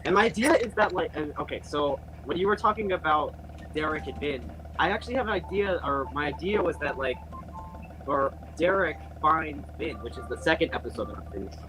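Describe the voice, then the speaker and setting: A man's voice: fairly high pitch, lively intonation, fairly quick, background noise. A young man chatting casually on a group call, rambling with lots of fillers and restarts. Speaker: channel host.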